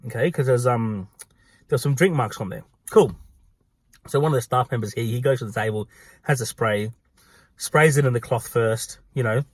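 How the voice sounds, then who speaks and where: An Australian man who works at a pub, telling a story in a profane, gossipy, animated way. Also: medium pitch, husky, no echo. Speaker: pub worker. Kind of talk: storytelling vlog.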